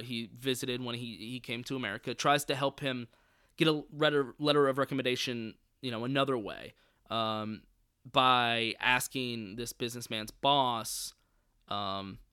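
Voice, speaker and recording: A man rants through a movie review in a casual, sarcastic, foul-mouthed way, wandering off into asides. His voice is bright and forward, and the sound is dry and close. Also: medium pitch, clear, resonant tone, no echo. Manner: sarcastic, profane, rambling. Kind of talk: casual profane rant.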